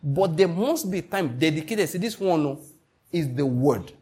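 A man's voice: a little high, lively intonation, measured pace, a little mellow, breathy edge. A man preaching a sermon as pastor, stressing points and asking the congregation questions. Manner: emphatic preaching with call-and-response questions.

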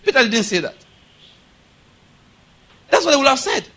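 Bright high-voiced male preacher. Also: big pitch swings, normal speed. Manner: emphatic, rhetorical questions to the audience. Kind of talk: sermon.

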